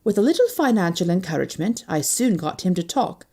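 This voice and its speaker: A woman narrating a novel in the first person, expressive and lively as she reads. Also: on the low side, a little fast, breathy edge. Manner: expressive, lively character voicing. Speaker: audiobook narrator.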